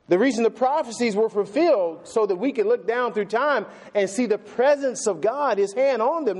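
A man preaching a sermon, animated, laughing often and repeating phrases for emphasis. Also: sits high.

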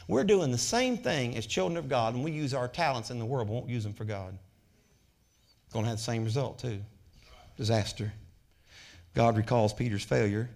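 A man preaching a sermon as a pastor, swinging from loud exhortation to quiet storytelling, with interjections of amen. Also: medium pitch.

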